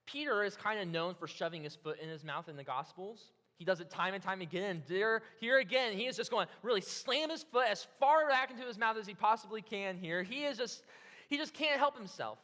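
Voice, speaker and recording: A high, bright male voice preaching with lively, dramatic storytelling. He rises and falls as he plays out each reaction. Long reverb from a church hall trails his words. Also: a little fast. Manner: animated storytelling, acts out the disciples' reactions. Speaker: pastor. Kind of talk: sermon.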